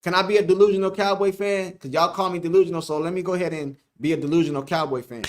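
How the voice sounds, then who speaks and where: A man's voice: high-pitched, steady tone, fast, hardly any pauses. A man hosting a casual sports live stream, reading the chat aloud, joking, laughing and repeating himself.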